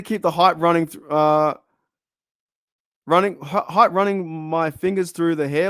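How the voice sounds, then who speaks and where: A man's voice: fairly high pitch, normal speed, fairly bright tone. A middle-aged Australian man hosting a casual live stream, chatting, rambling and laughing often as he reads viewer comments.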